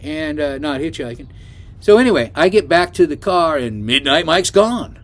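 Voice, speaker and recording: An older man with a fairly high voice, chatting to his viewers as he tells a story. He rambles along with plenty of asides and "you know"s. It sounds like an easygoing travel vlog. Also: expressive, moderate pace, fairly bright tone. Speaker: travel vlogger. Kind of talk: casual storytelling to camera.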